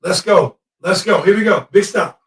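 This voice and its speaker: A male host giving excitable live commentary while watching a game, often shouting at the refs and players. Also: sits high, normal speed. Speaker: podcast host. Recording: echoey room, mic at a distance.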